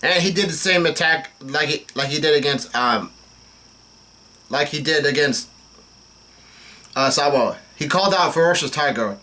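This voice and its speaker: A young man with a bright, forceful voice pitched a little high talks casually through a comic, reading the characters' lines in a plain tone. He trips over names and keeps stopping with "uh" and "um" before pushing on. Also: normal speed, pauses often. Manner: reads dialogue aloud flatly with frequent fillers and restarts. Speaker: manga reaction host. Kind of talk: casual live reading commentary.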